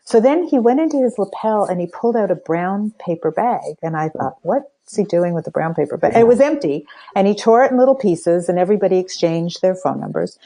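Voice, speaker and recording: A woman's voice: medium pitch, a little fast, few pauses, rough recording. An older woman, a guest on a podcast, telling a personal story with energy and acting out the dialogue she quotes. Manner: animated storyteller who acts out quoted dialogue. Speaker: podcast guest, spiritual coach. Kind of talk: storytelling in a casual interview.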